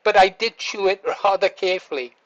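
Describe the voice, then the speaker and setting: A man's voice: sits high, brisk, muffled recording. Chatty man telling a story. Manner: chatty, laughs through his story, swears casually. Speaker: vlogger. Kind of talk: casual storytelling to camera.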